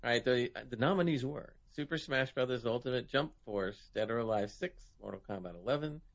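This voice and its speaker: A man's voice: medium pitch, brisk. Southern American male host, laid-back list-reading in a gaming chat. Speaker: host reading award results.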